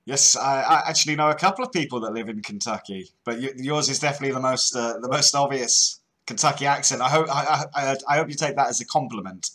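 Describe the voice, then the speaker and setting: Bright-voiced British man hosting calls. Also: mid-range voice, fast talker, hardly any pauses. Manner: chatty, laughing, stumbles over repeated words. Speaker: host of a call-in show. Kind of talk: casual chat with a caller.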